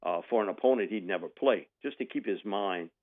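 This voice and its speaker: A man's voice: on the low side, fairly quick. A man, telling a sports story on the radio and acting out the people in it. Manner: animated, mimics voices in anecdotes with laughs. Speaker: radio guest. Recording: tinny phone line.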